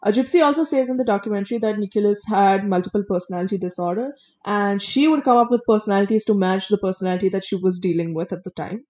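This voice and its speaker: A woman talks through a criminal case in a relaxed podcast conversation. She reads out the facts and then breaks off to give her own blunt opinions. She trips over a word now and then. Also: mid-range voice, fast, few pauses. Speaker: co-host. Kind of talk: casual true-crime podcast chat.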